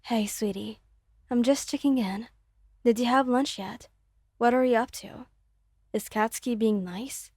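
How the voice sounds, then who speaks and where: A woman voicing a loving, worried middle-aged mother in a soft, hushed, fussing whispered role-play. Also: on the high side, measured pace, long pauses, no echo, clean studio sound. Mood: fretful.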